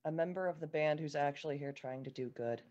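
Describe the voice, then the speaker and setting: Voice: mid-range voice, a little fast, a little mellow, highs cut off. Earnest player at a tabletop game. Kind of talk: in-character table talk.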